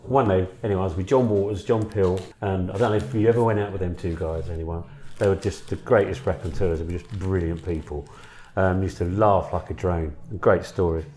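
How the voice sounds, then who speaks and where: A man's voice: low voice, steady tone, fairly quick, hardly any pauses, a little mellow. A man casually telling anecdotes, swearing and laughing often.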